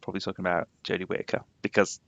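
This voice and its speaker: Chatty gravelly Yorkshire man. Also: deep voice, flat delivery, very fast, fairly bright tone, no echo. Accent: Yorkshire, somewhat posh. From England, Yorkshire. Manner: chatty, laughs often, rambling with many fillers. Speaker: game streamer. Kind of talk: casual live-stream chat.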